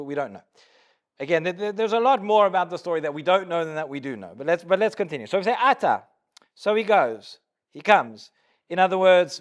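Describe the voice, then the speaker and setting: High-voiced man teaching a Talmud class. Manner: explains step by step, acts out the dialogue in quotes; repeats small words when starting a sentence. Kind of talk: Talmud lecture to a live class.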